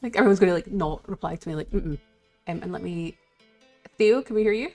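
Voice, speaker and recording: A woman's voice: fairly low pitch, fast talker, vocal fry, a little mellow, faint music behind. A Scottish woman chatting casually with viewers on a live game stream, rambling and giggling as she greets people.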